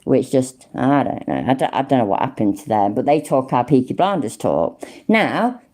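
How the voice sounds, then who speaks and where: A woman's voice: very deep voice, animated, moderate pace, mellow. A woman with an East Midlands accent, chatting casually and swearing on a livestream, greeting viewers and answering the chat. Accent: East Midlands English. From English Midlands. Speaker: livestream host.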